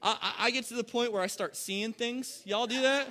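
A pastor preaching a sermon, joking and talking straight to the congregation. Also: male voice, high-pitched, normal speed, hardly any pauses. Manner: animated, joking, talks to the congregation.

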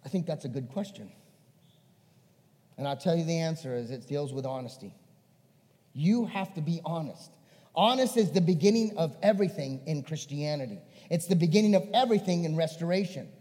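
A male pastor preaching a sermon, swinging between emphatic and hushed. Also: a little high, brisk, big-room sound.

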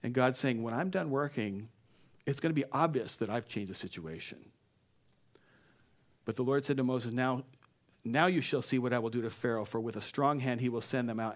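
A pastor preaching a sermon, reading scripture with emphatic repeated phrases and slipping into casual asides. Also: male voice, mid-range voice, brisk. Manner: conversational asides with frequent restarts.

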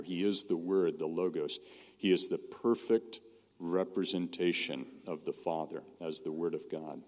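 A middle-aged man preaching a sermon, telling stories in a conversational way and sinking to a soft, low voice on key points. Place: church or meeting hall. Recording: long reverb of a church hall.

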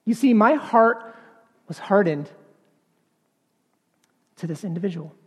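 A man preaching a sermon in an earnest, halting way, repeating words and then building to emphatic passages. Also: high-pitched, lively intonation, breathy edge, long reverb tail.

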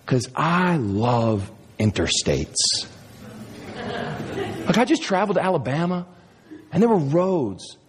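A man's voice: a little high, sing-song, slow pace, pauses often. A man preaching a sermon as a pastor, emphatic, firing off sarcastic rhetorical questions. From United States. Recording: long reverb of a large hall.

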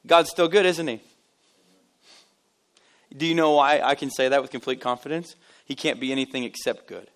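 A man's voice: mid-range voice, moderate pace, long pauses. A man, the lead pastor, giving a casual, joking sermon to his congregation, telling stories and poking fun at himself. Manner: animated, joking, self-deprecating storyteller. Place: church service.

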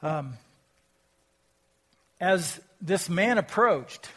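A pastor preaching a sermon, reading scripture aloud and asking reflective, rhetorical questions. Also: male voice, high-pitched, animated, extremely slow, a bit bright, breathy edge. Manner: reflective, asks rhetorical questions, rises in volume when quoting scripture.

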